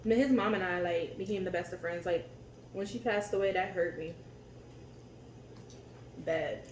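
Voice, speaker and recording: A woman co-hosting a couple's channel, telling family stories in a casual, animated way and laughing easily. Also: lowish voice, normal speed, echoey room, a little hiss or hum, low-quality recording. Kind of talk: casual storytelling chat.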